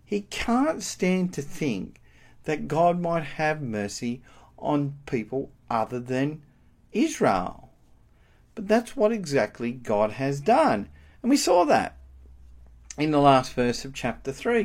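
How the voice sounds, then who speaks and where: Lively preacher man. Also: on the high side, slow. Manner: animated, rhetorical questions, emphatic. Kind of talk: sermon.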